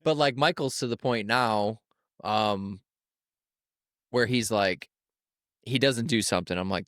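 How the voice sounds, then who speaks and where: A man's voice: on the low side, a little slow, pauses often, a bit bright, no room sound, clean studio sound. A man co-hosting a podcast, giving reassuring, laid-back parenting advice with plenty of swearing. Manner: reassuring, laid-back, profane, often says "you know what I mean". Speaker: podcast co-host. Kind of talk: casual podcast chat.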